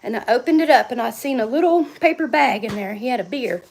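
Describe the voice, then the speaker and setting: Lady rambling on her phone vlog, high voice, laughs a lot, wanders round the house and yard. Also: animated, fast, creaky. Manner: chatty, rambling, laughs often. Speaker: vlogger. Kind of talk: casual livestream chat. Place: home and yard, outdoors at times.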